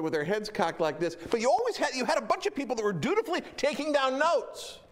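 A middle-aged man preaching a sermon as pastor, telling stories in an animated, emphatic way. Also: very high voice.

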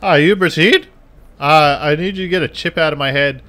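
A man giving goofy, wisecracking commentary while playing a video game, often yelling at the characters. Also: fairly high pitch, brisk. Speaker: puppet character gameplay commentator. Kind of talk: comedic gameplay commentary.

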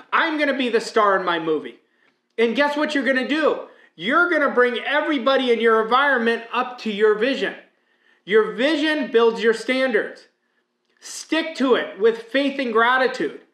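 A man's voice: very high voice, bright, forceful tone. A man giving a motivational speech as a mindset coach, emphatic and preaching, with many rhetorical questions. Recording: echoey room.

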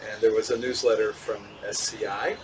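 A man, a physicist, answering interview questions in a measured, thoughtful way, with small laughs and restarts. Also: fairly low pitch, little pitch movement, far from the mic, noisy background. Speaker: physicist and solar cooker tester, interview guest.

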